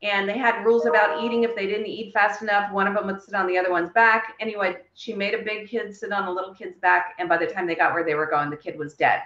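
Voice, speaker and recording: A woman's voice: medium pitch, fairly even intonation, quick pace, hardly any pauses, a bit bright. A woman speaking as an interview guest, her voice sitting in a mid range and carrying an emotional, storytelling manner. She acts out the back-and-forth of conversations as she goes. The recording sounds roomy and a little muffled. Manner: emotional, reenacts dialogue while telling the story. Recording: roomy, slightly dull sound.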